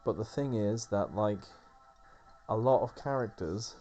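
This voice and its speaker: A man with a lowish, relaxed and mellow voice chats his way through a let's play at an unhurried pace, full of fillers and restarts. The audio is dull and lo-fi. Faint game music plays underneath. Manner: rambling, filler-heavy chatter. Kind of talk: casual gameplay commentary.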